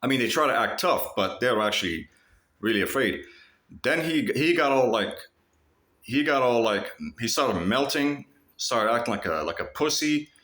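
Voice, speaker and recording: A man's voice: medium pitch, animated, moderate pace, pushed and bright, roomy sound. A man telling a story in a casual, profane vlog monologue, mimicking other people mockingly. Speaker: vlogger.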